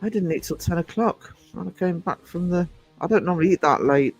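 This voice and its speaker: Hosting a laid-back livestream, this man rambles and chats, interrupting himself and greeting viewers by name. His high voice is brisk with a breathy edge, and soft music plays in the background with no echo.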